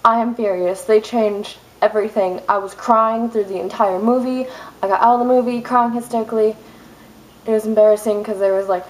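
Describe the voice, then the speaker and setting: Young woman, vlogger, angry rant to camera, higher voice, exasperated outbursts. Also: low-quality recording. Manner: fast, exasperated ranting with outbursts.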